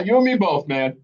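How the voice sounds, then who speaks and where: A middle-aged man hosts talk radio in a high voice, joking with callers and laughing a lot. His studio broadcast mic gives a dull, muffled sound.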